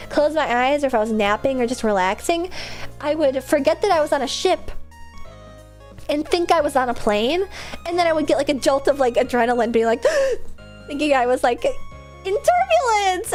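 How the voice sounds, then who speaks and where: Young female streamer, high and very animated voice, bubbly rambling chat, light music underneath. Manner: bubbly and rambling, laughs often, swears casually. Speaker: livestreamer.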